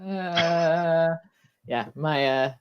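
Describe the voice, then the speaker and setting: A man's voice: on the high side, extremely slow, lo-fi sound, crowd noise. Co-host, male, chatty, restarts his sentences often. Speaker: podcast co-host. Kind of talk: casual chat.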